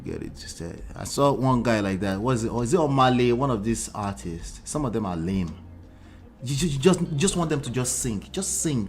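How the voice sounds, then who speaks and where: A man, a relationship coach and host, giving animated commentary in an exclamatory, teasing way full of rhetorical asides. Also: medium pitch, moderate pace, faint music behind. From Nigeria.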